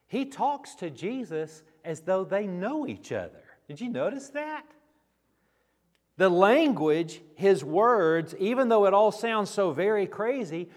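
A man preaching a sermon as pastor, dramatic and emphatic, with rhetorical questions and long pauses. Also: sits high. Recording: reverberant hall.

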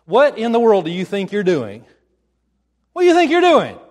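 A furious homeowner barks a high, loud challenge at intruders, as a preacher acts him out. His voice climbs sharply with affront, full of lively swings. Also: moderate pace, in a large hall. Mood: indignant. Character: indignant male homeowner catching thieves.

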